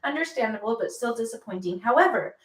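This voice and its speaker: A woman's voice: fairly high pitch, expressive, quick pace, far from the mic, slight background noise. A woman co-hosting a casual livestream, reading viewer questions aloud with light ums. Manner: reads comments aloud, light filler ums. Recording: echoey room.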